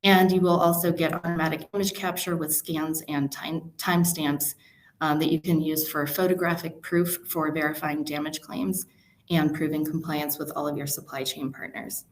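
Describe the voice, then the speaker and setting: A woman hosting a webinar, giving a smooth, steady product introduction. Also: low-pitched, moderate pace. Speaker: webinar host.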